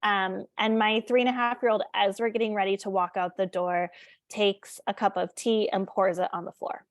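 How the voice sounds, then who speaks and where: A woman's voice: medium pitch, fairly even intonation, moderate pace, no room sound, clean studio sound. A woman presenting an informal parenting lesson, candid and conversational, often checking in with the listener. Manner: conversational, candid, frequent fillers and check-ins. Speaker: parenting educator.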